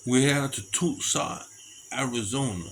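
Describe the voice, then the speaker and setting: A middle-aged man talks in a loose, rambling monologue at a medium pitch, animated and quick to chuckle as he goes. Faint crickets and insects hum behind him. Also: poor audio. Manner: animated, chuckles often between stories. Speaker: storyteller. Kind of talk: casual monologue.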